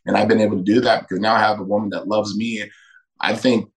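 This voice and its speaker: A man's voice: fairly low pitch, steady tone, fast, poor audio. A middle-aged man, a podcast guest, telling candid personal stories emphatically and acting out quoted dialogue. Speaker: podcast guest, retired fighter.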